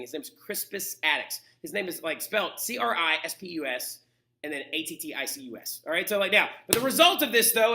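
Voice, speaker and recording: An American man teaching a history lesson in a casual, animated lecture style, often acting out quotes. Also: fairly high pitch. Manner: animated, many asides and acted-out quotes. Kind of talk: casual recorded classroom lecture.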